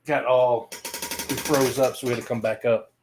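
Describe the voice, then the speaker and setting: A man's voice: mid-range voice, steady tone, moderate pace, noisy background. Chatty man filling in the details. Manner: chatty, filling in details and correcting the other host. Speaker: paranormal investigation podcast co-host. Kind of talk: casual recap chat.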